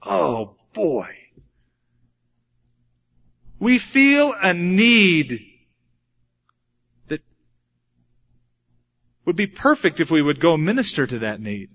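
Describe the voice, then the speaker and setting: A man's voice: fairly high pitch, very animated, slow pace, pauses often, a bit bright. A man, a father of a young son, preaching a sermon and acting out the voices he quotes. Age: adult with a young son. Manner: dramatic, acts out quoted voices. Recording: dull lo-fi recording.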